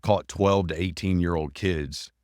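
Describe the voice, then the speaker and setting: A man's voice: low voice, steady tone, moderate pace, a little mellow, smooth, dry recording, clean studio sound. A male podcast host, talking earnestly and emphatically in a casual conversation. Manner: earnest and emphatic, repeats phrases.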